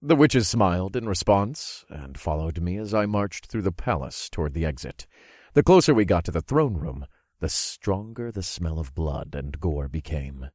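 A man narrating an audiobook in the first person, telling the story in a relaxed, smooth way. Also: low voice, normal speed, no room sound, clean studio sound.

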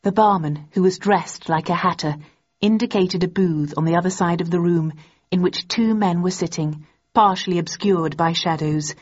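A woman's voice: on the low side, normal speed, breathy edge. A woman narrating a novel in the first person, with a dry, wry delivery. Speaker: audiobook narrator. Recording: dull, muffled recording.

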